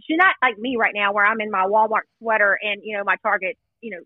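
A woman's voice: mid-range voice, fast, no room sound. A woman guest in casual chat, blunt, chatty and self-deprecating as she tells a story. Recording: tinny phone-like line.

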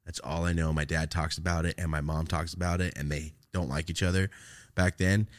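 A young man from California, who hosts a podcast, speaks a little fast in a low-pitched voice. In casual chat he tells stories animatedly, laughing often and swearing constantly.

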